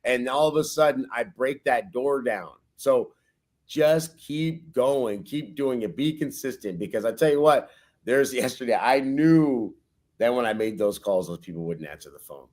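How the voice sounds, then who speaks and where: A man's voice: mid-range voice, expressive, moderate pace, darkish tone. A man co-hosting a casual motivational podcast, giving emphatic pep-talk advice. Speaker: podcast co-host.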